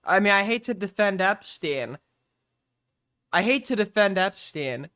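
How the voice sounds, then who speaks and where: A man's voice: sits high, expressive, measured pace, pushed and bright, smooth. A man hosting a stream, making incredulous, mocking asides about a call debate. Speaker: streamer host. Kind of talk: reacting to a live call debate.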